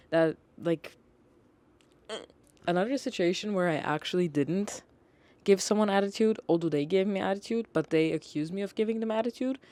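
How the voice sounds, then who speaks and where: A young adult host telling stories on a podcast in a loose, exasperated way. Their speech is peppered with "like" and plenty of swearing, at a middling pitch. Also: no echo. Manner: exasperated, swears freely, lots of "like". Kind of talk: casual storytelling podcast.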